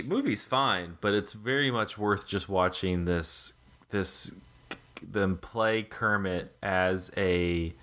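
A man hosts a film podcast in a loose, jokey way, often slipping into silly voices. His pitch sits on the low side, and his tone is bright and sharp. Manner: jokey, puts on a silly high voice at times. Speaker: podcast host. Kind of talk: casual chat.

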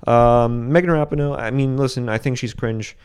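A man's voice: mid-range voice, fairly even intonation, normal speed, a little mellow, smooth. A young man from Boston hosting a solo commentary podcast, rambling with frequent restarts and self-corrections. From Boston, USA. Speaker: podcast host.

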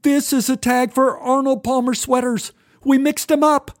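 A man doing a shrill, panicky teenage boy. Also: little pitch movement, moderate pace, dry recording, studio quality. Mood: panicked. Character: frantic fifteen-year-old boy, the teller's younger self.

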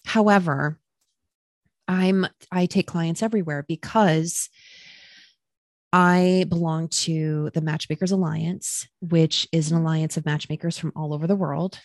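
A woman's voice: unhurried, no room sound, studio quality. A woman working as a matchmaker, telling her story in a casual podcast chat and acting out the quotes she tells. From Midwest United States. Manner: animated storyteller, acts out quotes with raised pitch. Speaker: matchmaker and guest.

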